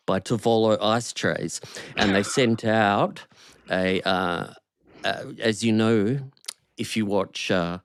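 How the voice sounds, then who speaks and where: Slow, smooth-voiced deadpan man. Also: lowish voice, no room sound, clean studio sound. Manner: slow, deadpan, chuckling to himself. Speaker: podcast co-host. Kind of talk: casual comedic chat.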